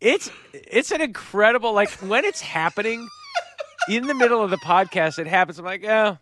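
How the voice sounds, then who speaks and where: A man's voice: high-pitched, lively intonation, normal speed, noisy background. A man co-hosting a casual sports podcast, telling stories in a wry, teasing way. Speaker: podcast co-host. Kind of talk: casual chat.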